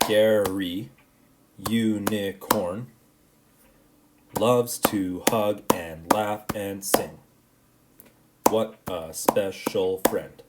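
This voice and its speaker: A man with a deep, low voice teaches a recorded class lesson. He explains step by step and keeps checking in with his students. Faint noise sits under the recording. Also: darkish tone. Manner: explains patiently, checks in with "right?".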